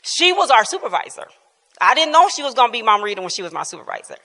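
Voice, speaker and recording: A woman's voice: a little high, rapid-fire. Laughing woman telling her story in a church hall. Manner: colloquial, laughing often, animated. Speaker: church member giving testimony at bible class. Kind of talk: personal testimony, casual storytelling.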